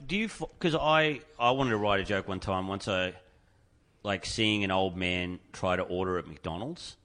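A man's voice: sits low, a bit bright. A man, talking hesitantly in casual chat with many fillers. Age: 30s. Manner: hesitant, halting, full of fillers. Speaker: comedian podcast host.

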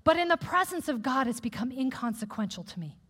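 High-voiced woman preaching in echoey hall. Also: a little fast, slightly rough. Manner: candid, conversational, animated preaching. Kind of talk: sermon. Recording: echoey hall with long reverb.

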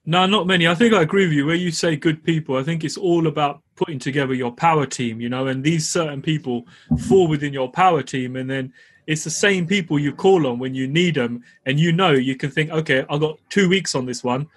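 A man's voice: a little high, fairly quick, husky. A man co-hosting a podcast, telling stories in a chatty, laughing way. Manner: chatty, storytelling, laughs while talking. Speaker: podcast co-host. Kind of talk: casual podcast chat.

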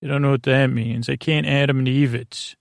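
A man hosting a podcast, recapping a TV episode as a meandering bedtime story, halting often with filler pauses. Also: mid-range voice, fairly even intonation, vocal fry, no room sound. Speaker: podcast host.

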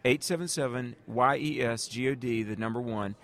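An earnest man, talking like an evangelist in an interview. He tells his stories in a middle-pitched voice and turns to address the listener directly as "friend." The delivery is warm and preaching-like. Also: moderate pace, creaky. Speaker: guest evangelist.

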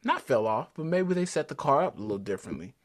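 Talking fast in a medium-range voice, this man co-hosts a laid-back podcast conversation on drag racing. His enthusiasm spills over, and he keeps tripping up and starting his thoughts again.

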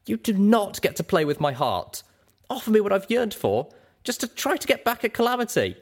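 A man voicing a young female unicorn, reading her lines in sharp, clipped outbursts. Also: high voice, very animated, normal speed, voice pushed up, heavily acted. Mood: coldly furious. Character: young female unicorn, fierce and cold when angered.

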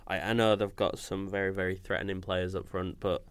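Very low-voiced football fan. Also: male voice, level tone, a little fast, clean tone, dry recording. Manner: casual, repeats words when starting. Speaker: podcast co-host. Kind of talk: football fan podcast chat.

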